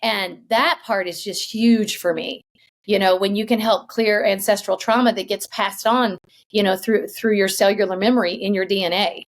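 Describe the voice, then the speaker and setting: A woman hosting a podcast, telling a story in a chatty, animated way and laughing as she goes. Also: mid-range voice, moderate pace. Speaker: podcast host. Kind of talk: casual storytelling.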